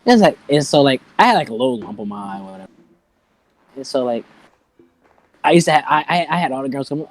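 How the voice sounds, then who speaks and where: A man's voice: mid-range voice, animated, quick pace, long pauses. A young man co-hosting a casual podcast, laid-back and giggly, telling a story full of filler words. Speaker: podcast co-host.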